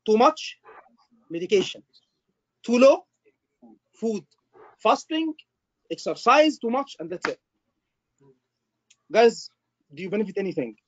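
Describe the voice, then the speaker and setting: Animated high-voiced male tutor on a call. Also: measured pace, long pauses, no echo, muffled recording. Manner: animated, repeats himself, checks in with the class. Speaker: medical exam tutor. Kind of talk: online class teaching.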